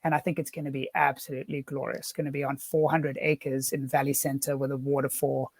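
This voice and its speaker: A man's voice: medium pitch, little pitch movement, fairly quick, creaky, no room sound. A man with a South African accent co-hosting a casual online chat, talking in an earnest, reflective way over a video call. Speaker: co-host.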